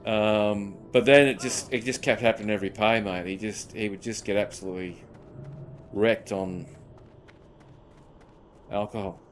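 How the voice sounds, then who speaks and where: A man's voice: lowish voice, fairly even intonation, normal speed, long pauses, faint music behind. A young man, chatting casually while gaming, rambling through stories, swearing often and calling his listeners "mate". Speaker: gaming streamer.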